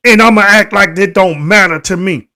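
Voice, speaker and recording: A man with a high voice hosts a live stream and talks straight to the people watching. He sounds indignant and repeats his points, asking viewers questions and breaking into emphatic outbursts. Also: moderate pace, bright, forceful tone. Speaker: livestream host.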